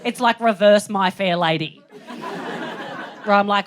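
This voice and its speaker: A woman in her thirties from Australia with an Australian accent, telling a stand-up story in an animated, self-deprecating way. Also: medium pitch, normal speed. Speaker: stand-up comedian.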